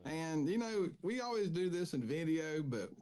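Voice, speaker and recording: Host, slightly high voice, jokey rambling chat. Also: male voice, lively intonation, normal speed, a little mellow, slight background noise. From North Carolina. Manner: joking, rambling with restarts. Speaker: podcast host. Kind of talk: casual chat.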